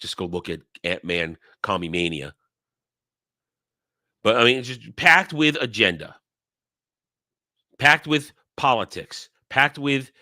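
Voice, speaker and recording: A man's voice: mid-range voice, sharp tone, no echo, clean studio sound. A man giving sarcastic, scornful commentary in a rant, often repeating his phrases. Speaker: online commentary host. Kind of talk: ranting commentary.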